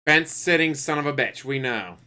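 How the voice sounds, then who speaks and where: A man's voice: on the high side, lively intonation, a little fast, bright, forceful tone, clean tone. A man commenting over a clip, cutting in with blunt, profane, mocking remarks. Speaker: commentary channel host.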